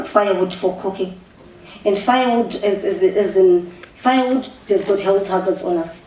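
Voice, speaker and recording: A Zimbabwean woman official giving an animated public speech, mixing English with Shona and restarting her sentences often. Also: mid-range voice, a little hiss or hum. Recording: echoey room, voice far from the mic, faint ambience.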